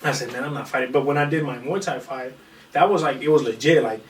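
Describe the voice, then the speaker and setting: A man's voice: medium pitch, quick pace. A young man in casual podcast chat, telling a rambling, profane fight story and acting out the quotes. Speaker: podcast guest, amateur fighter. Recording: echoey room, far from mic, faint noise.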